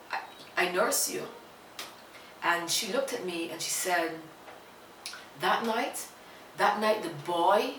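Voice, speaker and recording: Young woman telling her own story, earnest, repeats herself, bright voice, kinda far off from the mic in an echoey room. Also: on the low side, a little hiss or hum. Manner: earnest, repeats phrases, quotes both sides of a conversation. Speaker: vlogger telling a personal story. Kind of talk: emotional personal storytelling.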